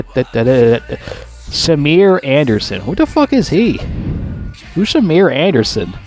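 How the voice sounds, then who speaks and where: A man giving a casual, unscripted movie review, swearing constantly and rambling excitedly. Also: medium pitch.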